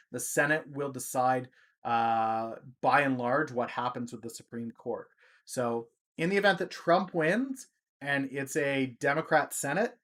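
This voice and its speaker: A man's voice: mid-range voice, a bit bright. A man from Canada hosts a livestream, giving casual, rambling commentary with jokes and many fillers. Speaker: livestream host.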